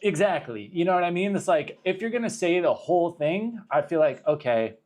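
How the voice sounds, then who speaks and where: High-pitched yet darkish, this young man's voice is brisk and animated as he hosts a casual livestream from Arizona, USA. Reacting to viewers' questions, he rambles, swears and keeps cutting himself off.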